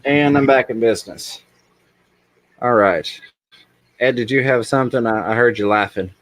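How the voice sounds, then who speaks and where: A man's voice: mid-range voice, moderate pace, fairly bright tone, no echo. A man hosting a casual livestream, reading chat aloud and rambling with many ums. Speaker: livestream host.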